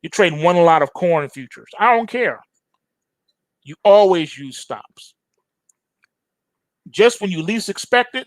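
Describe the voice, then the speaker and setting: High-voiced man lecturing on trading. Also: expressive, measured pace, pauses often, dry recording. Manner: emphatic, preachy, slangy and repetitive. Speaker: trading show host. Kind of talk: market commentary monologue.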